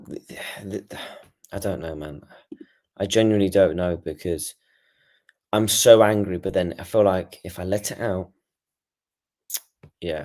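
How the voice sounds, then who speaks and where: Low-voiced frustrated football fan. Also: male voice, mellow. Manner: frustrated, rambling, swearing. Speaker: football fan channel host. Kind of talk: post-match reaction rant.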